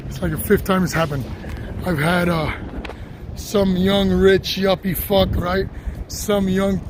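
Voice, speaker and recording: A man live-streaming as he walks a city street, talking loudly and excitably, laughing and swearing often. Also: sits high. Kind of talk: casual live-stream vlog. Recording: noisy street with passing traffic. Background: traffic noise.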